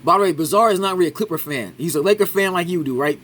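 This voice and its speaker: High, bright-voiced man ranting. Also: rapid-fire. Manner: argumentative, keeps adding "right?". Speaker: commentator reacting to a sports clip. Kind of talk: casual reaction commentary.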